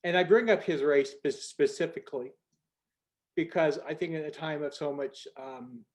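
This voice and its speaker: Older man, a little high-pitched, telling an earnest personal story on a video call. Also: animated, moderate pace. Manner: earnest, conversational storytelling, voice drops soft at emotional moments. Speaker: speaker on a group call. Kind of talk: storytelling talk.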